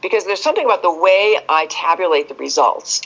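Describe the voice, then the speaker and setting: As an expert podcast guest, a woman tells stories full of lively shifts and acted-out voices of others. She has a lowish voice with vocal fry and a brisk pace, in a low-quality recording.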